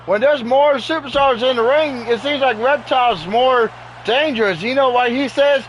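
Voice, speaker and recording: High-voiced man doing excitable play-by-play. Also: moderate pace, a little hiss or hum, low-quality recording. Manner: excitable, keeps exclaiming "uh-oh". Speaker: game commentator. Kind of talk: play-by-play commentary over a wrestling game. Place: home with sleeping dogs nearby.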